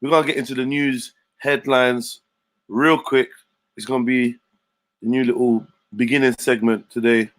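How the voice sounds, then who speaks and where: A man's voice: medium pitch, fairly even intonation, normal speed. Slangy man hosting a livestream. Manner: slangy, shouting out viewers. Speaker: livestream host. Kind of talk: casual livestream chat.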